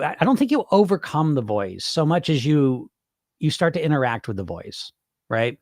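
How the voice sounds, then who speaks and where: A man's voice: on the high side, no room sound, studio quality. A middle-aged man, a weight loss coach, talking emphatically with rhetorical questions, swearing freely and acting out his own inner voice. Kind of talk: direct-to-camera advice talk.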